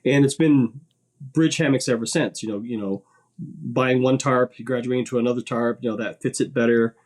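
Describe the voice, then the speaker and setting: A man speaks as a guest on a podcast, in a relaxed, conversational way. His voice sits in a middle range, and he stumbles over his first words now and then before settling into a loose, rambling flow. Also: medium pitch, moderate pace. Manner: rambling, repeats words when starting sentences. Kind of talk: casual podcast chat.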